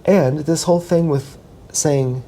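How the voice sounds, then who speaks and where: A man's voice: on the high side, measured pace, warm tone, slight background noise. A man vlogging in a casual, meandering monologue, self-mocking and thinking aloud with many restarts while he dances. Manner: talks while dancing.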